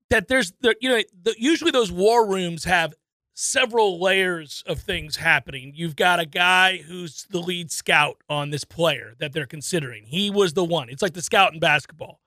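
A man's voice: high voice, normal speed, no room sound, clean studio sound. A man co-hosting a casual sports talk show, telling stories with lots of acted-out voices and frequent laughter. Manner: animated storyteller, acts out voices, laughs often. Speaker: sports radio co-host.

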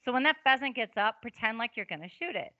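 A middle-aged woman, a hunting guest, telling stories in an animated, casual way with many restarts. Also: on the high side, fast, no echo, lo-fi sound. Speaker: podcast guest, hunting instructor. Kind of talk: casual storytelling interview.

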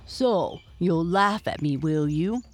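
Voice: mid-range voice, a little slow, soft background music, close to an everyday voice. A storyteller voicing an angry, bullying big boy hippo who growls his threats. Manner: growling, grunting.

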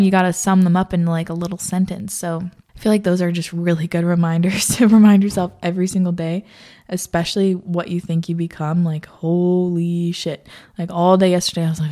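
A woman's voice: fairly low pitch, warm tone. A young woman hosting a podcast, chatting casually on her own, swearing freely and laughing often. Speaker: podcast host. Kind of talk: casual solo chat.

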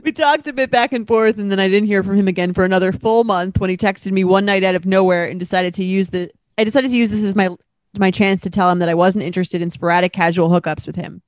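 A woman co-hosting a casual chat, talking quickly and loosely with many fillers, and reading a letter aloud. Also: mid-range voice, no room sound. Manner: chatty, lots of "like" fillers. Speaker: podcast co-host.

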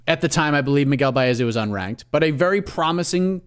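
A man co-hosting a casual podcast about fights, laying out his past opinion in a relaxed way. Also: on the high side, fast, smooth. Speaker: podcast co-host.

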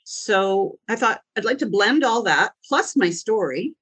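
A podcast guest tells her story in animated bursts, slipping into the voices of the people in it to land a joke. Her voice is husky and breathy, sitting at a middle pitch. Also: a little slow, low-quality recording. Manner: jokey, acts out voices in her stories.

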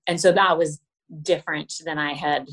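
A pregnant woman from Los Angeles chatting as a guest, effusive and quick to act out what people said to her. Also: low voice, fairly even intonation, a bit bright. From Los Angeles, USA. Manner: effusive, acts out quoted exchanges. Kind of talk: casual chat.

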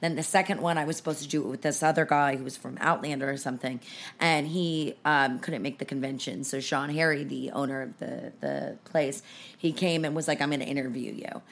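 A young woman with a notably low voice talks candidly on her podcast. She is open and emotional, and her voice sits close to tears as she shares personal stories. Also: steady tone, a little fast. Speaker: podcast host. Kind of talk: casual chat.

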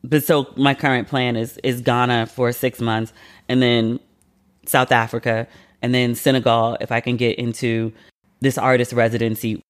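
A man with a mid-range voice chats as the host of a podcast. He is loose and expressive, rambling between plans with casual swearing and self-mocking laughs. He speaks at an easy, everyday pace. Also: mid-range voice. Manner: chatty and expressive, swears freely, laughs at himself. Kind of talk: casual chat.

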